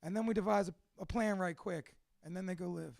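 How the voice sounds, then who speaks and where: A man's voice: high-pitched, brisk, gravelly, a little mellow, no echo, studio quality. A man from a Cuban family, a father of two, telling his life story in a candid, profane, emotional monologue. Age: adult with two children.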